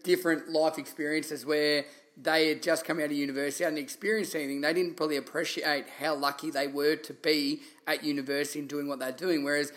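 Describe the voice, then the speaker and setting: A man's voice: on the high side, level tone, brisk, a bit bright. Male host summing up. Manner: thoughtful, summarizing the guest's story. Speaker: podcast host. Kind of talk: interview chat.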